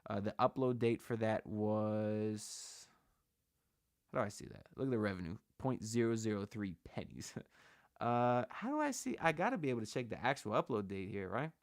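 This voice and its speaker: A man's voice: fairly low pitch, lively intonation, normal speed, dry recording, clean studio sound. A man hosting a sports livestream, talking in a loose, slangy, hyped way and speaking to his chat. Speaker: host of a sports channel livestream. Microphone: shotgun mic on camera.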